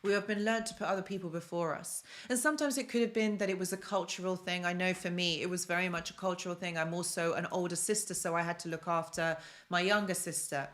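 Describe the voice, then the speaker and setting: A young London woman hosts a casual self-help live stream, chatting with viewers and answering their comments while repeating phrases for emphasis. Her voice sits lowish and a bit bright, with a steady tone and a quick pace.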